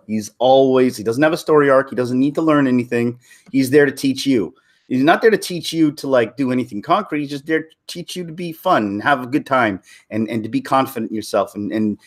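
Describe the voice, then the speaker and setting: A man giving casual, rambling commentary on films, often losing his thread, laughing, and mimicking characters. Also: mid-range voice. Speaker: YouTuber.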